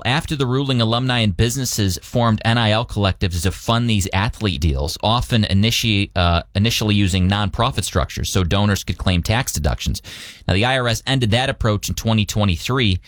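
A man's voice: fairly low pitch, fairly quick, no room sound, clean studio sound. A man co-hosting a radio show, chatting casually about the news with loose, restarting sentences. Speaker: radio co-host.

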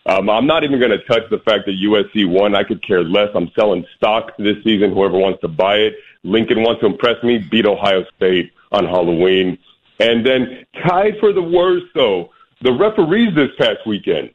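A man calling in to a sports radio show, bluntly griping about his teams' weekend. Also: lowish voice. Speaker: caller. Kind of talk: phone-in call. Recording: phone line.

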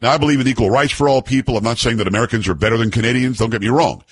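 A man hosting a talk show in casual, joking banter, animated and teasing. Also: medium pitch, rapid-fire, breathy edge.

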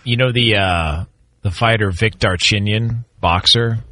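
A man hosting a sports talk radio show from the studio, briskly steering the segment. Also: lowish voice, pushed and bright.

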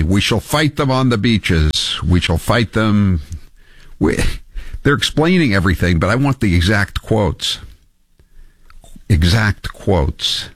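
A man hosting a talk radio show, indignant and animated, reading quotes aloud and taking calls. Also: deep voice, gravelly, slightly rough, no echo. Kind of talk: talk radio, opinionated commentary.

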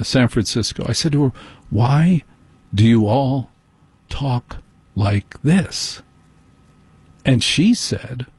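Blunt male talk host, sarcastic rant, slightly husky, dry mic. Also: mid-range voice, a little mellow, no room sound. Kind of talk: opinionated talk radio monologue.

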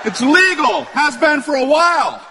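A male stand-up comedian with an incredulous delivery who shouts his punchlines. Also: extremely high pitch, sing-song, moderate pace. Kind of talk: stand-up routine. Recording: noisy live recording with audience.

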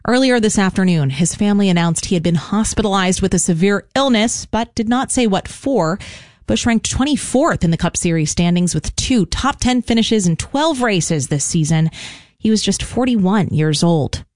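A woman anchoring a radio newscast in a brisk, even newsreader delivery. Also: medium pitch, no echo, clean studio sound. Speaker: news anchor. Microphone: studio microphone.

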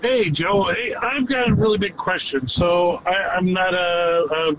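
High-voiced male caller on a tinny phone. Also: a little slow, a little hiss or hum. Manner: hesitant, searching for words. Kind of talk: phoning in to talk radio. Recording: tinny phone line from a vehicle.

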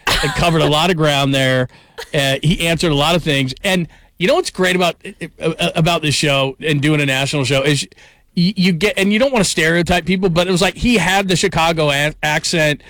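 A man hosting a national sports talk show, energetic and quick to heap praise. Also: fairly high pitch, no room sound. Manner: energetic, enthusiastic, hyperbolic praise.

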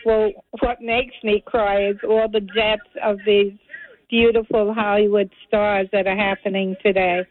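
Female radio caller, gushing but flat in tone, phone-line audio. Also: medium pitch, measured pace. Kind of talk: call-in radio chat.

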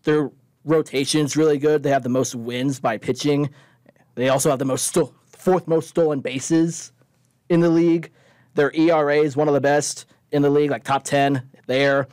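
A man's voice: a little high, steady tone, moderate pace, darkish tone, clear, resonant tone, no echo. A young man co-hosting a sports talk show, arguing earnestly and citing statistics. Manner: stat-heavy, earnest arguing. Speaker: radio show co-host. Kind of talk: casual sports chat.

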